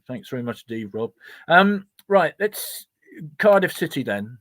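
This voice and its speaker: A man's voice: a little high, big pitch swings, normal speed, a bit bright, no room sound. A male presenter interviewing a guest, chatty and prompting with tag questions. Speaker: radio presenter. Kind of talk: radio interview.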